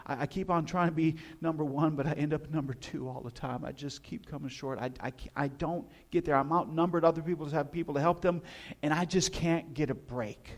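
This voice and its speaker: A weary sick man tells of his long wait in a plaintive, resigned tone, as a preacher acts him out in a sermon. His voice sits a little high, and he states his troubles flatly, without bitterness. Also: brisk. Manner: plaintive, resigned, matter-of-fact complaining.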